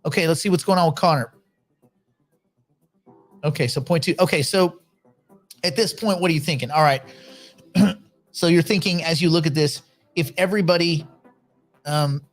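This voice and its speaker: A man's voice: on the high side, normal speed, long pauses. Chatty man hosting a livestream, faint music. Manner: rambling, chatty, restarts often. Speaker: livestream host. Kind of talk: casual livestream commentary.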